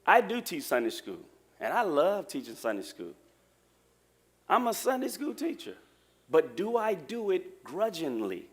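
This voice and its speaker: Male preacher, higher voice, animated and joking with the church. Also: unhurried. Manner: lively, joking preacher talking to the congregation. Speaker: pastor. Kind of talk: sermon.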